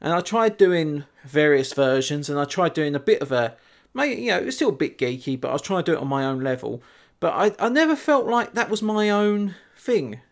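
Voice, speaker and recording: A man hosting a podcast in casual chat. He tells stories in a lively way and swears casually. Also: a little high, brisk. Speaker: podcast host.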